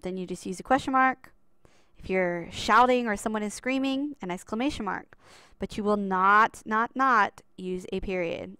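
Smooth-voiced woman teaching a lesson. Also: mid-range voice, a bit bright, no room sound. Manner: patient and explanatory, stresses key rules. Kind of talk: classroom writing lesson over slides.

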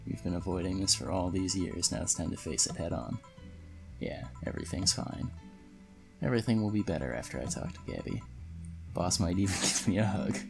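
A guarded, weary young bartender woman tells of old worries in a game's story, read by a man in his plain voice. The voice sits low and has a gravelly fry. Soft music plays faintly behind. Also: fairly quick. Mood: brooding.

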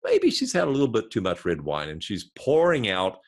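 Speaking fairly quickly in a voice on the low side, this man is a marketing consultant guesting on an interview. He lays out his thinking by walking through a lively story example one step at a time.

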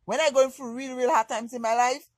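A woman's voice: sits high, fairly even intonation, brisk, no echo, low-quality recording. A woman from Lucia, telling a candid, emotional story for her vlog. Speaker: vlogger.

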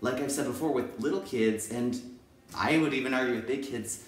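A man who teaches kindergarten, talking to camera in an energetic, playful and emphatic way. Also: mid-range voice, brisk, faint music behind. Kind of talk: enthusiastic video talk to camera. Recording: echoey room, mic at a distance.

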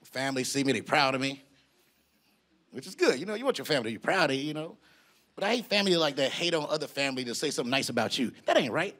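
A man's voice: mid-range voice, lively intonation, fast talker, fairly bright tone. A man doing stand-up comedy, telling a slangy story with animation into a handheld mic on a club stage.

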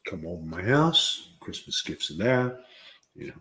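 A man's voice: measured pace, fairly bright tone. Laid-back man teasing his co-host. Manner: teasing and low-key, playing it cool. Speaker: podcast co-host. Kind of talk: comic married-couple banter.

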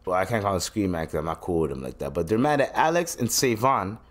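A man's voice: sits low, expressive, fast talker. A man hosting a solo podcast, talking in a loose, profane, joking way. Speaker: podcast host.

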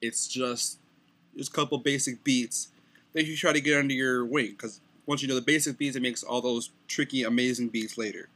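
Young man, bright tone, rambling casual tutorial, stumbles on words. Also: mid-range voice, steady tone, moderate pace. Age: young adult. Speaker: beatbox tutorial maker.

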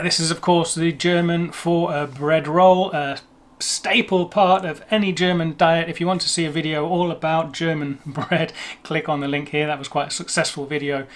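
A man's voice: fairly high pitch, fairly bright tone. Chatty Englishman explaining pronunciation. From England. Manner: chatty, rambling, self-correcting. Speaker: language video host. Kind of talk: explaining to camera.

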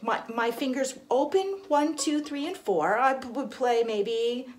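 A woman violin teacher explaining in a studio, gentle and encouraging, with small restarts as she talks. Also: high-pitched, unhurried, over loud music. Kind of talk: friendly instructional explanation. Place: recording studio.

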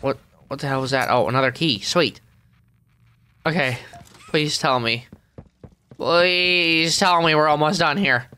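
A man voicing a sarcastic grumbling squid, nasal, a bit high, bright, deadpan. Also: unhurried, pauses often, clear, resonant tone. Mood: weary. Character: grumpy middle-aged male squid, sarcastic and weary. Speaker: let's play gamer. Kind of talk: character let's play commentary.

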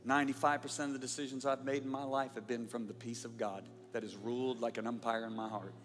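A middle-aged man preaching a sermon, telling stories animatedly and swinging between shouting and quiet asides. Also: mid-range voice, flat delivery, quick pace. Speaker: pastor. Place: large church or auditorium. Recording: reverberant hall with music.

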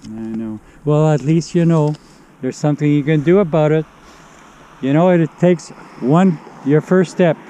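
A man's voice: fairly high pitch, measured pace, dark tone, rough recording. A middle-aged man preaching on the street outdoors, earnestly pleading with a listener. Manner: earnest, pleading, keeps urging. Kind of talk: one-on-one street evangelism. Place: outdoors in a city park in winter.

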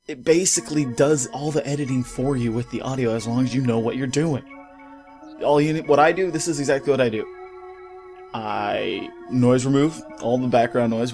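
Brief: male gaming vlogger, mid-range pitch, heated profane rant, studio mic, soft music underneath. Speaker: gaming YouTuber. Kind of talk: ranting vlog commentary. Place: home recording setup. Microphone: studio mic with pop filter.

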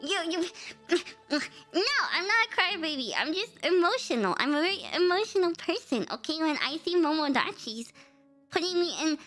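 A woman's voice: extremely high pitch, expressive, normal speed, fairly bright tone, soft background music. A young woman streaming as a VTuber, chatting casually with her viewers, laughing often and reacting to the chat. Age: young adult. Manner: giggly, talks back to chat, frequent laughter.

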